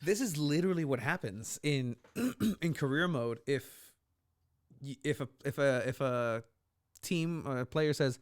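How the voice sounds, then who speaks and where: A man's voice: medium pitch, animated. A man, chatting casually about soccer as a podcast co-host, rambling with restarts and laughs. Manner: rambling, halting, laughs often. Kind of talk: casual sports chat.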